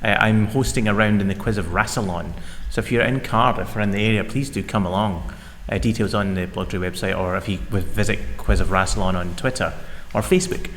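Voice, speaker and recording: A man's voice: lowish voice, steady tone, fairly bright tone. A man, co-hosting a casual panel chat in a joking, chatty way. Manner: chatty, joking, quick to laugh. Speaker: regular co-host. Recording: reverberant room with faint noise.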